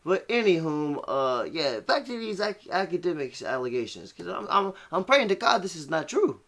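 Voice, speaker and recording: Man, high pitch, profane, mocking, rambling rant commentary. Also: big pitch swings, moderate pace, gravelly, a bit bright.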